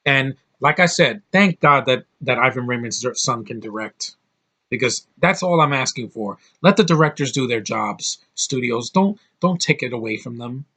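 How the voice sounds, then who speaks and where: A man from the United States giving a casual, opinionated movie review straight to camera, blunt and quick to swear. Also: medium pitch, lively intonation, pushed and bright. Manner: blunt, opinionated, swears often, mocking voices.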